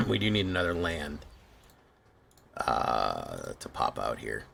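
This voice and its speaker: A man streaming a card game, casually muttering his plays aloud with quick exclamations. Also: a bass voice, wildly swooping pitch, creaky, sharp tone. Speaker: gaming streamer. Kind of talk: casual gameplay commentary.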